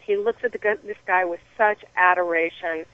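Woman guest, animated storyteller, restarts a lot; dull dry recording. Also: lowish voice, moderate pace, no room sound. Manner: animated storytelling with many restarts and acted-out quotes. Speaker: guest runner. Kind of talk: telling a story on a podcast.

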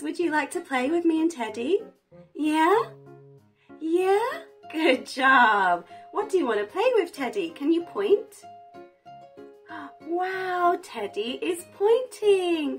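A woman teaching toddlers in a learning video, slow and sing-song, with big gasps and constant praise. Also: very high-pitched.

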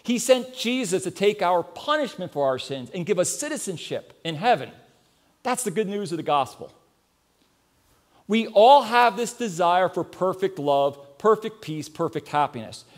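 A man's voice: high-pitched, sing-song, normal speed. A middle-aged man preaching a sermon, earnest, telling a story and putting questions to the congregation.

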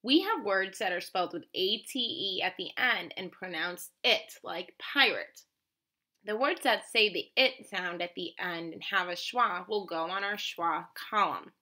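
Slow, bright-voiced woman teaching phonics. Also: medium pitch. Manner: slow, clearly enunciated, encouraging teacher talk. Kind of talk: phonics lesson for children.

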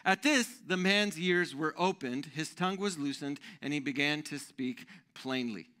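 A man in his thirties preaching a sermon as pastor, conversational and animated, often checking in with the room. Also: fairly high pitch, normal speed.

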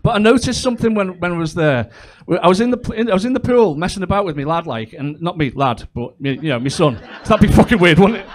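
A man's voice: high voice, expressive, fast, hardly any pauses. A man performing a crude, chatty stand-up comedy set, full of ums and asides. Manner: chatty, crude, with frequent fillers.

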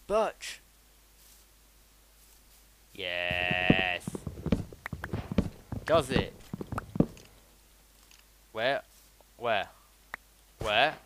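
A man rambles casually while playing a game on stream, replying to his chat as he goes. His voice sits a little low. Loud background noise and mouse clicks run steadily behind him. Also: very animated, very slow, pauses often. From south of England. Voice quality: chatty, rambling, reads and answers chat. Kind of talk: casual live-stream commentary while gaming.

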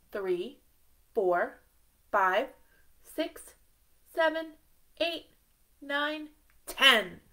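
A woman leading a live storytime for young children, slow and sing-song, encouraging them and asking them questions. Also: a little high, a bit bright. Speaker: children's librarian. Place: library storytime, streamed live.

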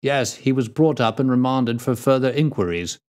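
A man's voice: mid-range voice, animated, moderate pace, a little mellow, voice pushed up, natural voice. A man voicing a tall, stout male police inspector, blunt and jovial, speaking in a hearty, plain-spoken way in a storybook reading.

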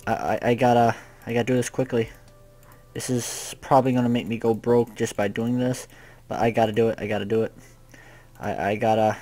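A young man giving casual gameplay commentary, rambling and swearing, often panicking out loud. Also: mid-range voice, fairly even intonation, normal speed. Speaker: gaming youtuber.

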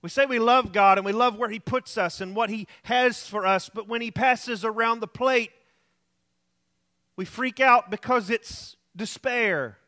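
High, bright-voiced preacher man. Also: unhurried. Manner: earnest preaching with anecdotes and repeated phrases. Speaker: pastor. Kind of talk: sermon. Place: church room, alone.

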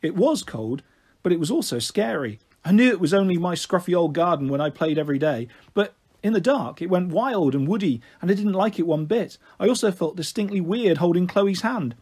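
A man reads a children's novel aloud with an expressive, animated delivery. His voice is husky and fairly high. It rises and falls a lot. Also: a little fast. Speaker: storyteller.

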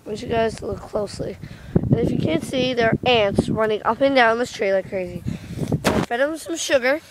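Chatty young woman vlogging, high voice. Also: fairly quick, heavy background noise. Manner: chatty, giggly, casually swears. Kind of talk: casual vlog chat. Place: kitchen, then outdoors in a windy yard.

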